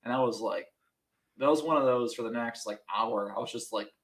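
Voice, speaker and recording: A man's voice: medium pitch, fairly quick, echoey room, low-quality recording. Young man telling stories animatedly. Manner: animated, self-mocking, laughs through stories. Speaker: podcast guest. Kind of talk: casual storytelling.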